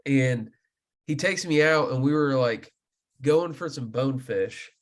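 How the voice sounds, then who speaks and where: A man hosting a podcast, telling a fishing story in a loose, animated way with plenty of filler words. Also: medium pitch, measured pace. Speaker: podcast host. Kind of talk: casual podcast chat.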